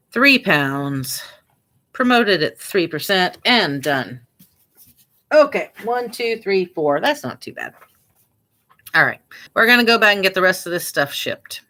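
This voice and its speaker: Slow, low-voiced chatty woman. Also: sharp tone. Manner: chatty, thinking aloud, talking to herself. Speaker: online reseller and vlogger. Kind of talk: casual chat while working.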